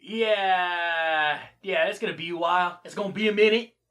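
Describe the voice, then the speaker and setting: A man's voice: high voice, normal speed, sharp tone. A man voicing a stern, super serious male hitman while retelling a film scene. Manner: stern and curt.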